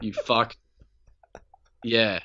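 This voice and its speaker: A young Australian man co-hosting a podcast, telling a story in animated, sweary casual chat and acting out the quotes. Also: mid-range voice, extremely slow, muffled recording. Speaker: podcast co-host.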